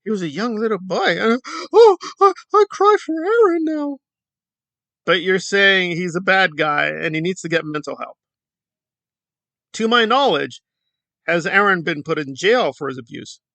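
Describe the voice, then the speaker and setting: A man's voice: sits high, moderate pace, creaky, pushed and bright, dry recording. A man giving sarcastic, mocking commentary on an online video feud. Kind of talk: reaction commentary.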